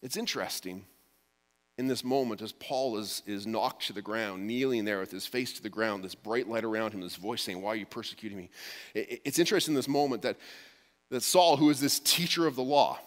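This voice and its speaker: A pastor preaching a storytelling sermon, often dropping to a hushed voice for quoted words. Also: male voice, fairly low pitch, a little fast, in a large hall.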